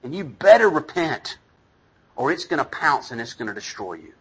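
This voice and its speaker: A man's voice: a little high, very animated, moderate pace, breathy edge, heavily acted, low-quality recording. A male pastor voicing God in a sermon as a patient, stern fatherly figure giving an earnest warning.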